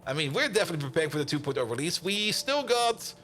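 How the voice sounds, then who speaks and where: A man's voice: on the high side, very animated, fast talker, a bit bright, slight background noise. A man with a German accent chatting and laughing through a game stream. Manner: rambling, laughs often, talks to chat. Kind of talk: casual gaming commentary.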